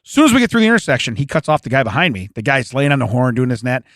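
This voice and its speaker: A man's voice: mid-range voice, big pitch swings, rapid-fire, fairly bright tone, dry recording, clean studio sound. A man in his forties, a podcast co-host, telling stories in casual chat, laughing often and acting out the quotes.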